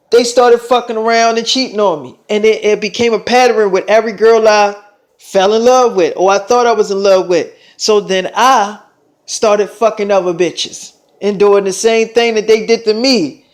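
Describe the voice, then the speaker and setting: A young man with a noticeably high voice tells a long personal story to the camera. He rambles and swears freely, and he keeps circling back with fillers and restarts. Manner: rambling, profane, with repeated fillers. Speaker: vlogger. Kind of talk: casual storytelling monologue.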